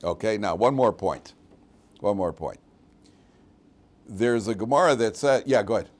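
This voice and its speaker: A man gives a lively, humorous class as a rabbi, chatting with his students and often restarting his sentences. His delivery is plain and conversational. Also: on the low side, normal speed. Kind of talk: lively Torah class with anecdotes.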